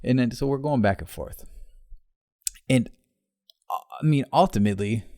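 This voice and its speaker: A man's voice: mid-range voice, dark tone, dry recording, clean studio sound. A man in his thirties, a podcast host telling a story in casual, profane talk and laughing as he goes. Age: 30s. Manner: profane, laughing, fast retelling.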